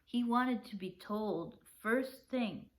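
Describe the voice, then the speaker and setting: A woman's voice: on the high side, takes it slowly, rough recording. A woman voicing an eager country father who speaks heartily and exclaims.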